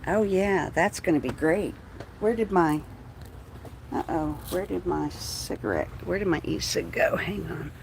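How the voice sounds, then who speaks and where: A woman's voice: lowish voice, unhurried, creaky, darkish tone, a little hiss or hum, rough recording. A woman from Texas filming police from her car, with a mocking running commentary full of swearing. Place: inside a parked vehicle.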